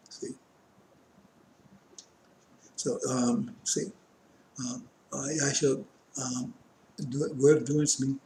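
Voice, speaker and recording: A man's voice: medium pitch, level tone, slow, long pauses, warm tone, a little hiss or hum. Man teaching scripture in a roomy space. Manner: reads verses aloud and explains them loosely, with many asides. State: coughing, strained voice. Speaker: religious teacher.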